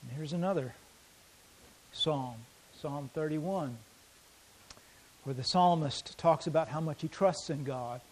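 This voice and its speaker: Male pastor, fairly high voice, sermon delivery with dynamic swings between loud and hushed. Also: a little hiss or hum, rough recording. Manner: dynamic, swings from loud emphasis to quiet intensity; reads scripture aloud slowly.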